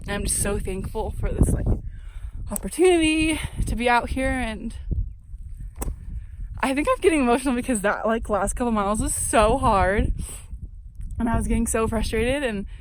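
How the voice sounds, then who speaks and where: A young long-distance hiker with a fairly high voice vlogs into a handheld camera on a snowy mountain trail, with background noise. She speaks at a moderate pace with long pauses, earnest and chatty, using many fillers in her casual narration.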